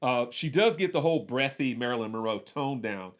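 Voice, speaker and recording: Man, podcast co-host, casual movie chat, rambling, mid-pitched voice. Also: lively intonation, brisk. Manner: rambling, repeats words, frequent restarts.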